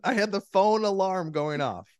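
A man's voice: high voice, lively intonation, normal speed, darkish tone, clean tone, no room sound. A man, the show's producer, chiming in with dry jokes. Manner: dry, joking interjections. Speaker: podcast producer. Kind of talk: casual podcast chat.

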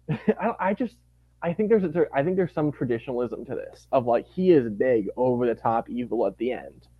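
Animated man gushing in casual chat. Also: medium pitch, normal speed, slightly rough, dry recording, narrow, tinny audio. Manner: animated, gushing, acts out quotes. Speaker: podcast guest.

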